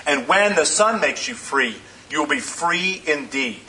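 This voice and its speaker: A man preaching a sermon as pastor, in measured phrases that slow down for emphasis. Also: a little high, lively intonation, pushed and bright, a little hiss or hum, poor audio.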